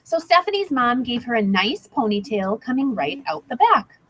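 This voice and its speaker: An animated woman teacher reading a picture book to a class of first graders, her high voice bouncing all over the scale. She keeps coaxing the children to chant along with her. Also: moderate pace, low-quality recording. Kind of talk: read-aloud storytime.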